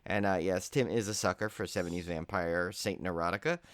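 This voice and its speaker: Sitting low with a steady tone, this tired podcast co-host talks a little fast in a recording without echo. His casual chat wanders off on tangents, full of jokes and rambling.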